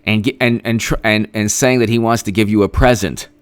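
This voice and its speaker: A man's voice: fairly low pitch, fairly even intonation, fairly quick, clear, resonant tone. A man hosting a live-stream political commentary, talking in a sarcastic, rambling, mocking way.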